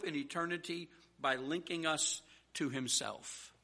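Bright-voiced male pastor preaching. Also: fairly high pitch, expressive, unhurried. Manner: earnest, emphatic preaching with repeated call-and-answer lines; conversational storytelling with restarts. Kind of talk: sermon.

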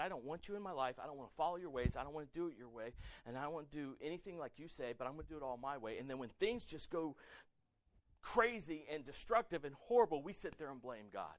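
A man's voice: a little high, no room sound, highs cut off. A male pastor preaching a sermon with passion, often repeating and restarting words, emotionally raw. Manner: impassioned, repeats words and restarts, rising to near-shouting.

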